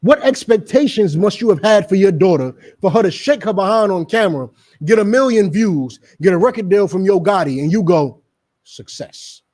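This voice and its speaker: Man, middle-aged, preaching-style commentary, emphatic, lecturing, repetitive, high voice. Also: lively intonation, fairly quick, darkish tone. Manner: emphatic, repetitive, lecturing, addresses others by name. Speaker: religious group speaker on a radio show.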